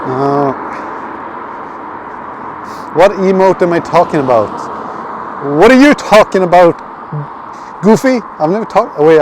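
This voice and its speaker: A man's voice: a little high, darkish tone. Rambling, swearing man streaming from the street. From Sweden. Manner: rambling, swearing, restarts and reads chat aloud. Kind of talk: casual live-stream chat while walking. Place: outdoors on a city street at night. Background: faint street and traffic noise.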